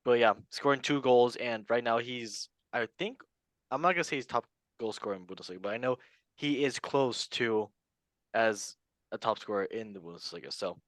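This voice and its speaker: A man's voice: mid-range voice, normal speed, no echo, studio quality. Chatty man hosting a football podcast. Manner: animated, chatty, repeats himself. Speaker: podcast host. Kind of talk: casual sports chat.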